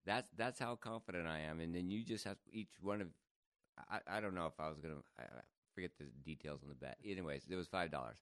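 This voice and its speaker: A man telling a funny story in casual chat, laughing often and jumping higher when he quotes people. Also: fast, clean tone, no echo, clean studio sound. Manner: animated, laughs often, jumps to higher pitch for quoted voices.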